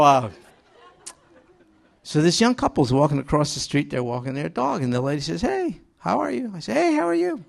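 A middle-aged man preaching a sermon, his voice slightly raised in pitch and grainy with fry. He tells homely stories with humor and slips into acted-out quotes. The delivery is lively and conversational from the pulpit. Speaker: pastor.

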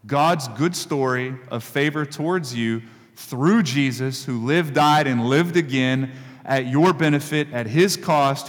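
A man's voice: mid-range voice, big-room sound. A male pastor giving a conversational sermon, repeating key phrases for emphasis.

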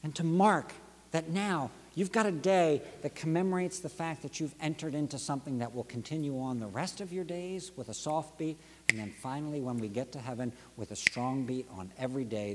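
A pastor delivering a sermon with rhythmic, dynamic preaching that swings from near-whisper drops to rising emphatic peaks. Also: male voice, medium pitch, moderate pace, big-room sound, slight background noise. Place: church sanctuary.

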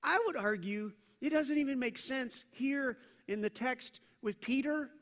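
A man preaching a sermon as pastor, swinging from loud emphatic peaks down to low, quiet stretches. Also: unhurried. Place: church sanctuary. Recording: long hall reverb.

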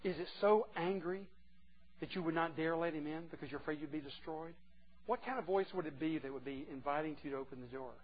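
A man preaching a sermon to a group of men, earnest and moving between hushed and emphatic delivery. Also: a little high, fast. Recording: muffled lo-fi recording.

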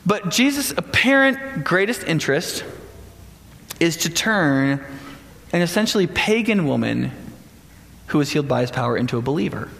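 Animated preacher man in a reverberant hall. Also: on the high side, moderate pace, vocal fry, long pauses. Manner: animated, conversational, frequent rhetorical "right?". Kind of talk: sermon.

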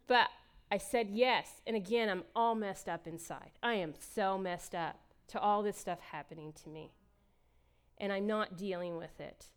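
A woman's voice: medium pitch, normal speed, clean tone. A middle-aged woman giving a candid, emotional personal testimony as a church speaker, laughing often as she talks.

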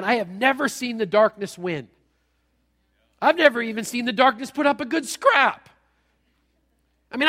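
A male pastor preaching a sermon in a lively, conversational way with playful asides. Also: extremely high pitch. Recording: long hall reverb.

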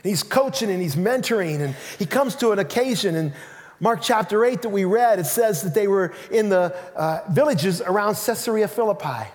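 A man preaching a sermon as pastor in a church, telling the story in an animated way and acting out the quotes. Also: high voice, moderate pace. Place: church sanctuary. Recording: reverberant church hall.

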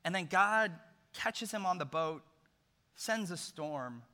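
Man, preacher, sermon, animated and jokey, forceful voice, long reverb. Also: high voice, takes it slowly.

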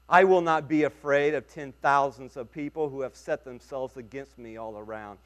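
A man preaching a sermon as pastor, earnest and emphatic, with dramatic pauses. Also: fairly high pitch.

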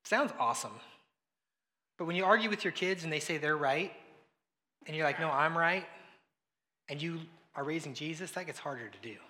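Bright-voiced preacher in an echoey hall. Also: male voice, a little high, animated, brisk, pauses often, a little hiss or hum. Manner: conversational preaching, acting out quoted voices, swings between loud and hushed. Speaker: pastor. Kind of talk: sermon.

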